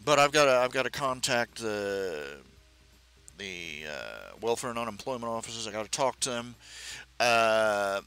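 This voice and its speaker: A middle-aged man hosting a live stream, talking casually and haltingly with many fillers and restarts. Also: lowish voice, pushed and bright, smooth, soft background music.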